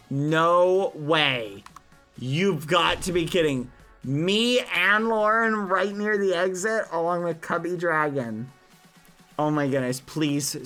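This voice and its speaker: Excitable male streamer with a bright voice. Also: slow pace, soft background music. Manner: excitable, shrieks high when the game turns; talks to chat and players by name. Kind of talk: live game stream commentary.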